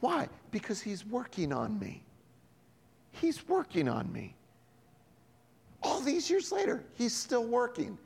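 A pastor delivers a sermon in a church hall, his very high voice slow, creaky, slightly rough, and broken by frequent pauses. He brings his stories to life by performing the quoted voices of their characters, and the hall adds a long reverb.

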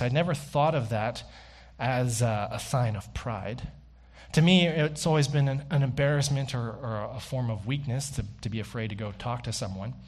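A man preaching a sermon as a pastor in church, emphatic, slowing and rising on key phrases and dropping low and soft to reflect.

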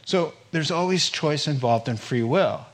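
A male pastor preaching a sermon in a folksy, animated way, often laughing as he goes. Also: on the high side, measured pace.

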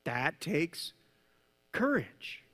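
A male pastor giving a sermon, conversational and animated, with jokes and asides to the congregation. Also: on the high side, extremely slow, long reverb tail. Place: church hall.

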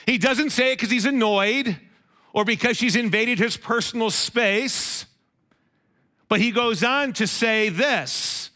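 A man's voice: sits high, lively intonation, a little slow, sharp tone. A man preaching a sermon in a conversational way, often asking his listeners questions.

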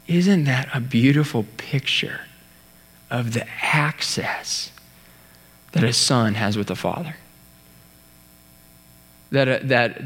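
A man preaching a sermon, telling a story in an earnest way, with pauses and restarts. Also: mid-range voice. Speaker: pastor. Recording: long hall reverb.

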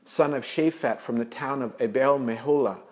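A preacher voicing a calm, patient divine voice. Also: male voice, medium pitch, moderate pace, close to an everyday voice.

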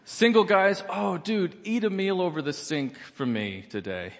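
A man's voice: high-pitched, measured pace, gravelly, long reverb tail, slight background noise. A man performing a stand-up comedy set in a church, with a wry, playful delivery. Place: church auditorium.

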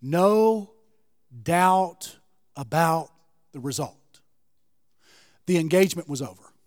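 A pastor preaching a sermon in a church, impassioned and rising to shouts, then leading a closing prayer. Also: male voice, fairly high pitch, animated, takes it slowly, no room sound, studio quality, long reverb tail. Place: church sanctuary.

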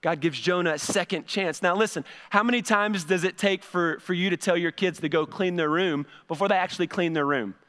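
High-voiced pastor preaching in a reverberant hall. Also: male voice, steady tone, fairly quick, hardly any pauses, fairly bright tone. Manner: conversational preaching, repeats words when building a point. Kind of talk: sermon. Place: church sanctuary. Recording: long reverb of a church hall.

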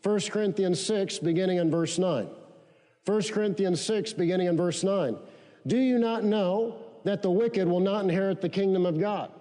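A man's voice: high-pitched, moderate pace, dark tone. A man preaching a sermon and leading the congregation in call-and-response repetitions. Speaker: pastor. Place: large church sanctuary. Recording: long hall reverb.

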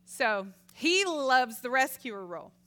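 A middle-aged woman giving a casual Christian teaching talk, telling stories lively and acting out voices. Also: high-pitched, takes it slowly. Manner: lively storytelling, acts out quoted voices, laughs often. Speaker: Christian speaker.

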